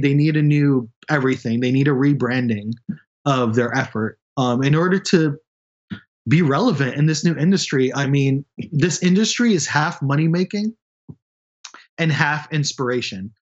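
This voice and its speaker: A man's voice: a little high, highs cut off. A man working as a space journalist, talking bluntly and candidly in a casual podcast conversation.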